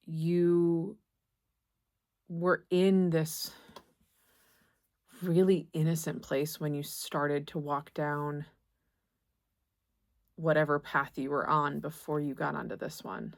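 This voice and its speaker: A young woman giving a tarot reading to camera, gentle and reassuring, halting often and restarting her phrases. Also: low-pitched, little pitch movement, creaky. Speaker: tarot reader.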